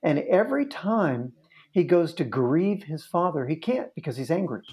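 A man's voice: on the high side, very animated, moderate pace, darkish tone. A man who works as a therapist recounts a case in conversation, telling it earnestly and vividly and often restarting his sentences. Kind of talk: storytelling in conversation.

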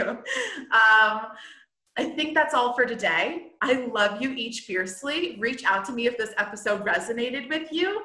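Bright, excited woman podcast host. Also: fairly high pitch, normal speed. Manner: excited, blunt, swears freely. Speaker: podcast host and healer business coach. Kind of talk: casual podcast monologue. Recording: roomy echo.

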